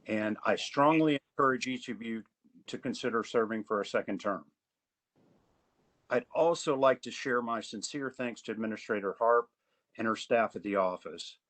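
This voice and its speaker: A man from Augusta, Georgia, chairing an advisory committee in a virtual meeting, giving earnest, measured prepared remarks. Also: mid-range voice, fairly bright tone, poor audio.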